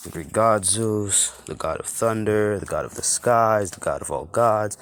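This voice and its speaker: A man putting on a booming god of thunder. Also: a little hiss or hum, close to an everyday voice. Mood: grandiose. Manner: grand, slow self-introduction. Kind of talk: amateur storytelling.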